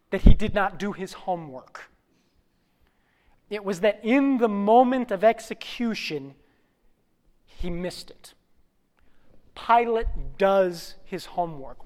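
A pastor delivers a sermon as an animated storyteller, his voice dropping low and soft for moments of reflection, then rising loud and fast as the story heats up.

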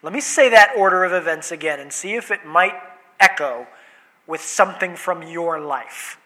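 A man preaching a sermon, animated, swinging between loud emphasis and hushed asides. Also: fairly high pitch, moderate pace. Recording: long reverb of a hall.

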